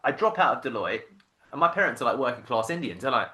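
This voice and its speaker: A man in his thirties, a podcast guest telling his career story in a casual, animated way, acting out voices and often restarting sentences. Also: medium pitch, fast. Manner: animated storyteller who acts out quoted voices, many restarts.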